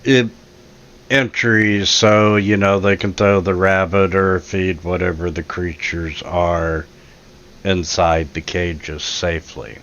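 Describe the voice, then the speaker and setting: Slow, smooth-voiced male game master. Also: deep voice, little pitch movement, fairly bright tone, lo-fi sound. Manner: hesitant, filler-heavy descriptions. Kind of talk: running a tabletop game.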